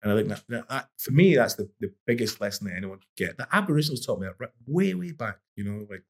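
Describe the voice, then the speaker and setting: This podcast guest, a middle-aged boxing coach, talks fast in an animated, mid-range voice. He rambles through relaxed stories, repeatedly starting over mid-thought.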